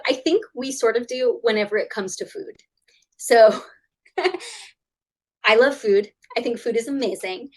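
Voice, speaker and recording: A woman in her thirties, a guest author chatting in an interview over a video call, animated and acting out quoted voices. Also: low-quality recording. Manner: animated, acts out quoted voices with big pitch jumps. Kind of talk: casual interview chat.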